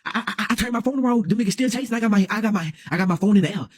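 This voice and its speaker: A young man telling a wild comedic story, dramatic and excitable, full of slang and constantly asking "you hear me?". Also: high-pitched, racing, slight background noise. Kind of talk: animated comedic story time.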